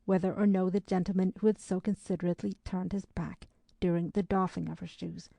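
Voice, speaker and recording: Woman audiobook narrator, measured and even; gravelly, warm tone, dry close studio sound. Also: fairly low pitch, dry recording.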